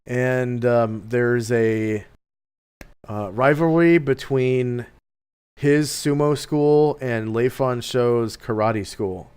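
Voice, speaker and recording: A man narrating as game master of an online tabletop game, in a relaxed, meandering way with many ums. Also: mid-range voice, very slow, smooth. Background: faint music.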